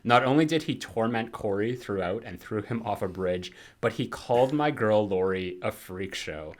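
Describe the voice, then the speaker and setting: A man's voice: on the low side, expressive, moderate pace. A man co-hosting a podcast in casual chat, reading out listener comments and laughing often. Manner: chatty, laughs often, fillers.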